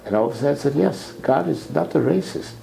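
A man giving an impassioned sermon lecture, repeating words as his voice climbs to near shouts. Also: fairly high pitch, lively intonation, quick pace, vocal fry, low-quality recording. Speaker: rabbi lecturer.

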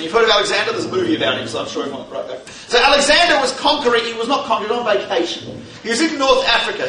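High-voiced man lecturing in a roomy hall. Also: pushed and bright. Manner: humorous, conversational, asks the audience questions. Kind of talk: lecture with storytelling. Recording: roomy hall from a distance, faint noise.

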